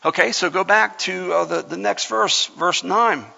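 A man's voice: high-pitched, unhurried, gravelly, bright, forceful tone. A man preaching a sermon conversationally, reading scripture with dramatic emphasis. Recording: lo-fi sound in a reverberant hall.

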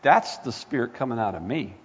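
A medium-pitched, slightly rough male voice delivers an animated sermon a little fast. The pastor climbs through passionate build-ups to near-shouts while asking rhetorical questions. Audio is lo-fi and dull, with hall echo.

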